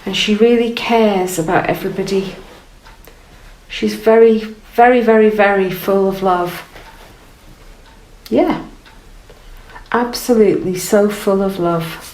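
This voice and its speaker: A woman gently guiding an art lesson while she paints, encouraging and thinking aloud. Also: mid-range voice, slow, pauses often. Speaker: art teacher. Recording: roomy, from off the mic, faint noise.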